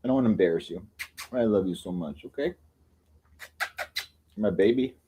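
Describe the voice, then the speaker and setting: A man's voice: fairly low pitch, moderate pace, background noise. A man hosting a livestream, cooing affectionate baby talk to his cats between remarks to the chat. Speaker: livestream host.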